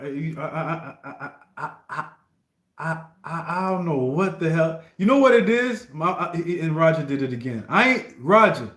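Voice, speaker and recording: Male livestream host, high voice, slangy stammering chat, echoey room. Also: fairly bright tone. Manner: slangy, stammering, often asks "you know what I mean". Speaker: livestream host playing song requests. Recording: roomy echo.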